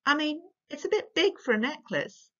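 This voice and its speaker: Mocking, teasing big brothers, as a woman reading aloud puts them on, shrill and sing-song in a high put-on tone. The sound is dull and lo-fi. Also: lively intonation, normal speed. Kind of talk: storybook reading. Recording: dull lo-fi recording.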